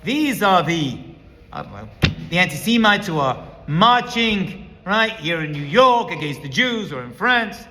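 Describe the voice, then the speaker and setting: Bright, animated rabbi teaching in a hall. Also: male voice, high-pitched, measured pace. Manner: emphatic, lecturing, builds points as a numbered list. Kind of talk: teaching talk.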